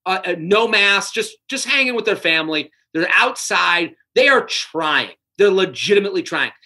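High, bright-voiced man telling stories. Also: normal speed. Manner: animated storyteller who acts out quotes. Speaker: comedian guest. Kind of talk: casual podcast chat.

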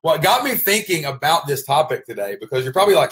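With a fairly high, fairly bright voice, this Kentucky man talks fast and very animatedly as host of a casual vlog. An online business coach from Kentucky, United States, he's folksy and emphatic and often says his phrases twice.

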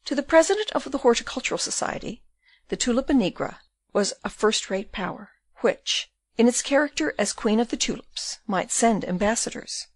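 A woman's voice: on the high side, animated, moderate pace, dry recording. Woman narrating a classic novel. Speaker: audiobook narrator. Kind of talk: scripted narration.

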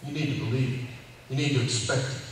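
A man's voice: medium pitch, fairly even intonation, fast talker, slight background noise. A man preaching an informal sermon at a cowboy church, folksy and conversational, repeating phrases for emphasis. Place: church hall. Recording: echoey hall, distant mic, faint ambience.

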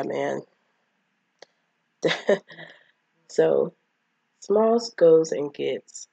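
A woman's voice: low-pitched, gravelly, a little mellow, slightly rough, no echo, dull audio. A woman casually retelling a childhood movie, chatting and acting out the characters' lines. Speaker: movie recapper.

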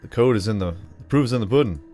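A man's voice: on the low side, animated, quick pace, mellow, soft background music. A man hosting a let's play video, talking through a puzzle in a playful, rambling way. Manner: playful, rambling, explains puzzle steps aloud. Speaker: gaming video host.

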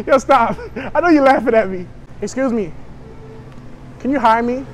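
A man's voice: extremely high pitch, huge pitch swings, unhurried, a little hiss or hum. A young man chatting brashly to strangers in a store, joking and provoking as a prank vlogger. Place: inside a store.

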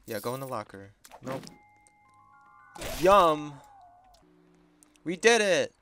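A man giving excitable, chatty gameplay commentary and laughing often as a gaming video creator. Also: on the high side, takes it slowly, soft background music.

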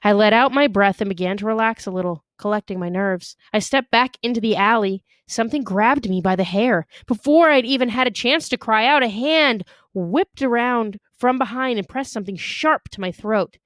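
A woman reading a novel aloud with expressive storytelling. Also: fairly high pitch, normal speed, hardly any pauses, no room sound. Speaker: audiobook reader.

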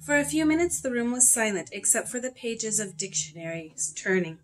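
A woman narrating a children's chapter book aloud in an expressive, clear storytelling manner. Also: a little high, fairly quick, hardly any pauses, poor audio.

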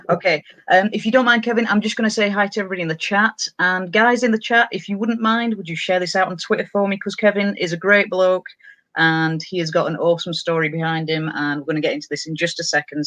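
A woman's voice: fairly low pitch, fairly bright tone, dry recording. A woman hosting a casual live-streamed chat show. She is bubbly and scattered and laughs often. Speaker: livestream show host.

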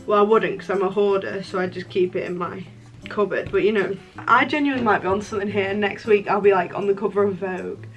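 A young woman chatting through a casual crafting vlog. She talks in a mid-pitched voice, loose and joking, and keeps tossing in self-mocking asides. Her tone stays relaxed and conversational. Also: fast, faint music behind, rough recording. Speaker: crafting vlogger.

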